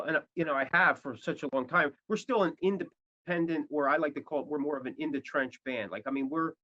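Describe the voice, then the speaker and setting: A man's voice: a little high, fairly bright tone. Rambling male guitarist, lo-fi audio. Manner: rambling, many restarts and fillers. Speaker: guitarist guest. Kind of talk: casual interview talk. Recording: dull lo-fi audio.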